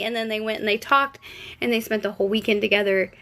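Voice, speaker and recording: Young woman, livestream host, gossipy, cheeky, slightly high voice, casual chat. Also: lively intonation, fast talker, fairly bright tone. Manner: gossipy, speculating, reads and answers comments; cheeky, playful asides. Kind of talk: casual live-stream chat.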